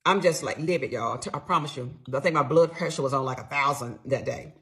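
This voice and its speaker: A woman's voice: very deep voice, a little fast. A middle-aged woman telling a personal story in a casual monologue, emphatic and blunt, with some swearing. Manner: animated, emphatic retelling, blunt and profane.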